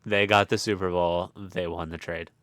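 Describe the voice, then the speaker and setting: A man's voice: sits low, level tone, moderate pace, a bit bright, no room sound, studio quality. A man co-hosting a casual sports podcast, laid-back, often chiming in with short agreement. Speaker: podcast co-host.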